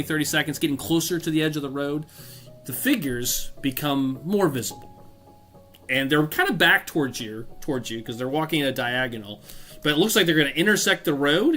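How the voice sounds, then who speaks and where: A man's voice: on the high side, bright, forceful tone. A man narrating a tabletop game as game master, rambling with fillers and self-corrections.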